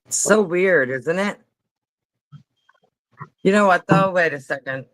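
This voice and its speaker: A man's voice: high voice, slow, a bit bright, poor audio. A man joining a casual livestream chat who asks eager, chatty questions.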